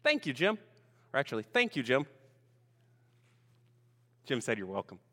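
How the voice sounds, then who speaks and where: A man's voice: medium pitch, wildly swooping pitch, moderate pace, fairly bright tone. A man preaching a sermon as pastor, chatty and full of questions to the congregation, greeting online viewers by name. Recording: long reverb of a large room.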